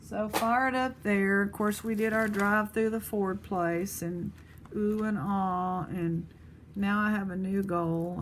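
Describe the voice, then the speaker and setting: A woman vlogger with a fairly low voice chats casually, wandering between stories as she prices pieces of jewelry. There's a little hiss or hum in the recording.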